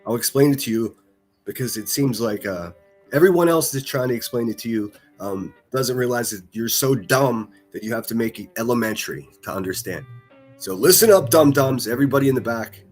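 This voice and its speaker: A man's voice: medium pitch, a little fast, soft background music. A man from the northern United States ranting on a livestream, profane, mocking and combative.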